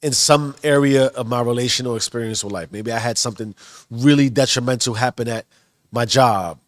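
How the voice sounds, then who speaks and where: A man's voice: mid-range voice, brisk, no echo. A married man with children talking in a casual motivational monologue, earnest and rambling with many restarts. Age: adult, married with children. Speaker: self-improvement vlogger.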